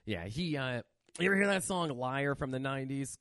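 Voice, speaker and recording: A man hosting a casual horror movie podcast, talking in a profane, animated rant. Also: medium pitch, a little fast, no room sound, clean studio sound. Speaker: podcast host.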